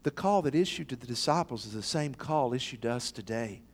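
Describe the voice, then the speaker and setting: A pastor from East Tennessee delivers an emphatic sermon in a church sanctuary, bringing quoted voices to life. His mid-range voice is expressive and a little fast. Long hall reverb fills the recording.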